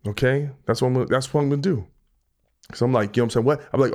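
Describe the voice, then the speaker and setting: A man's voice: mid-range voice, brisk, long pauses. A man hosting a podcast, talking in a rambling, joking way with lots of restarts. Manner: rambling, joking, self-interrupting. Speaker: podcast host. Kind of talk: casual solo chat.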